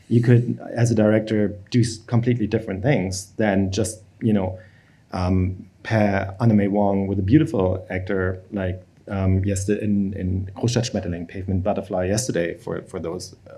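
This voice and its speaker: Male curator, low mellow voice, measured and hesitant, panel guest. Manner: measured, hesitant, many fillers. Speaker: film museum curator. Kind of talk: live panel Q&A.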